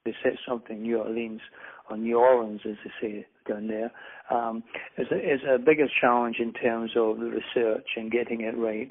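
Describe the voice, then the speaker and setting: A middle-aged Scottish man, a guest author, chatting in a rambling, self-deprecating way with many restarts. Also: mid-range voice. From Scotland. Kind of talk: casual interview chat. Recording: phone-like narrow audio.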